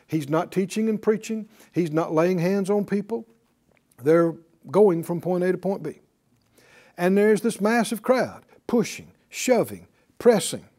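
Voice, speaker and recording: Teaching a Bible class in a preaching style, a man with a high-sitting, dark-toned voice speaks emphatically, repeats key words and calls on the class to answer.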